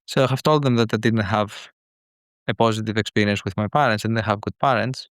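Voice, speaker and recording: A man calling in as a father, speaking earnestly and haltingly in a call-in conversation. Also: lowish voice, steady tone, fairly bright tone, clear, resonant tone, dry recording, clean studio sound. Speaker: caller, father.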